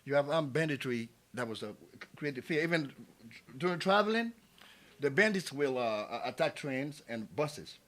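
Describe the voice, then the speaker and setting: A man's voice: a little high, lively intonation, moderate pace, fairly bright tone. A man from Ivory Coast, giving an impassioned tribute speech at a community event and building to emphatic, repeated calls. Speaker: community speaker. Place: small cafe event space.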